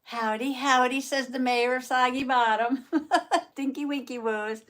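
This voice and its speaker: A woman's voice: high-pitched, steady tone, a little slow. An older woman from Southern Indiana hosting a casual live art stream, greeting viewers by name and laughing often.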